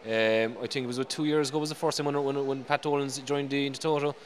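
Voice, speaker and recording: A man's voice: mid-range voice, flat delivery, fast. A man, a football supporter speaking proudly and emphatically about his club. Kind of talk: interview.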